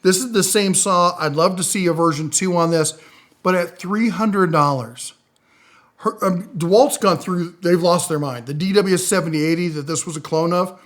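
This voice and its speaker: A middle-aged man with a fairly high voice runs through tool deals in a casual, rambling way. He is enthusiastic, his voice jumping up and getting louder on items he likes, then dropping low and quiet for asides. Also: moderate pace. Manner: enthusiastic, rambling, with lively swings in loudness and pitch. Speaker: tool reviewer. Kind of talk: casual product rundown.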